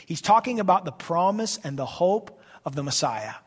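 A man, a pastor, preaching a sermon in church, emphatic, swinging between loud declarations and soft asides. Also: high voice, very animated, moderate pace, husky.

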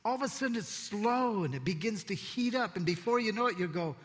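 A man preaching a sermon as pastor, expressive and conversational, telling stories with asides. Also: high voice, fairly quick, hardly any pauses. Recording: long hall reverb.

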